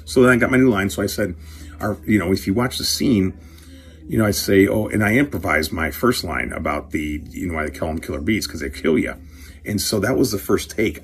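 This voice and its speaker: A middle-aged man hosting his own show, telling a rambling, profane story and chatting casually while opening packs of cards. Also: sits low. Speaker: show host, career coach.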